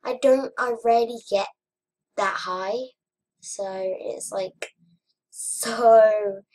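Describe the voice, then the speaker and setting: A young woman chatting casually over her gameplay, murmuring to herself and then bursting into frustrated shouts. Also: mid-range voice, takes it slowly. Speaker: gaming vlogger. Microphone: webcam or desk mic.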